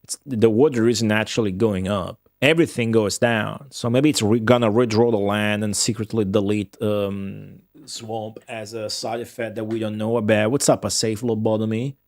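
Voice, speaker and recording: Speaking at a moderate pace with hardly any pauses, this man has a lowish, steady, slightly mellow voice. Italian is his mother tongue, yet he streams gameplay and chats with viewers in English marked by a slight Midwestern and faintly Australian accent, in a profane, wandering, offhand manner. The audio is studio quality with no room sound.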